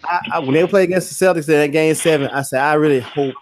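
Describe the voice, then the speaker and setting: Man, casual chat, stammering, repeats words, video call, slightly high voice. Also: very fast, heavy background noise. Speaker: podcast panelist.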